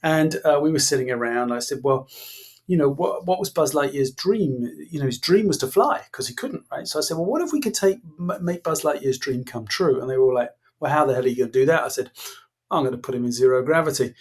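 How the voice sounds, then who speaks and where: A man, a podcast guest, telling an animated story and acting out the dialogue, laughing as he goes. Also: medium pitch, fast talker. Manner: acts out quoted dialogue, laughs while telling. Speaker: guest, former innovation executive.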